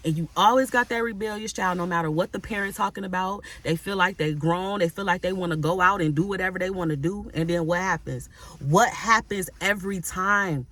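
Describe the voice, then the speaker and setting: A woman's voice: lowish voice, fairly quick, a bit bright. A woman who works as a Christian life coach, giving an emphatic motivational message straight to her audience, repeating phrases and often asking "right?". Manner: addresses audience directly and casually. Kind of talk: motivational preaching to camera.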